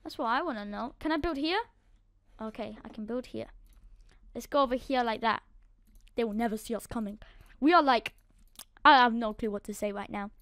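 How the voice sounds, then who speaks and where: A woman narrating her game play as she goes, excitable, swinging from quiet muttering to loud outbursts. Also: high-pitched, no echo, studio quality. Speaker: gaming YouTuber. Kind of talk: live game commentary.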